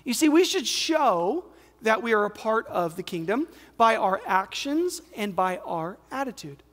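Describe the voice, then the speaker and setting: Big pitch swings mark this high-pitched, fairly bright American voice as the pastor preaches at a measured pace. The reverberant hall carries his conversational, emphatic sermon, in which he asks the crowd questions.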